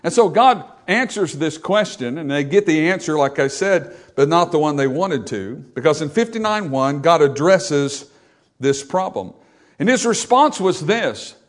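Emphatic preaching man, fairly high voice. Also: lively intonation, unhurried. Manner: emphatic preaching with rhetorical questions, rising loud on scripture. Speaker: pastor. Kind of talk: sermon.

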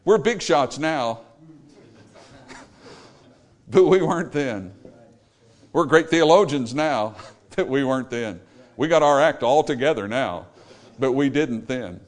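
A male preacher delivering a sermon, rising to loud exclamations and dropping to quiet, low lines. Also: expressive, slow, pauses often.

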